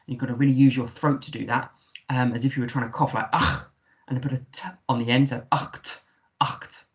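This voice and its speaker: A man's voice: medium pitch, flat delivery, very fast, a little mellow. A man with an English accent, a primary school teacher giving a recorded remote lesson, patiently sounding out words letter by letter.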